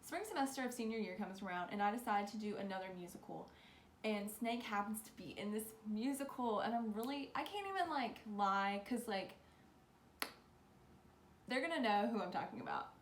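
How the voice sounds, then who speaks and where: A young woman telling a rambling storytime, animated and full of "like". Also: mid-range voice, moderate pace, a little hiss or hum. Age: young adult. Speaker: vlogger. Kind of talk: casual storytime. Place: bedroom. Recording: echoey room with faint ambience.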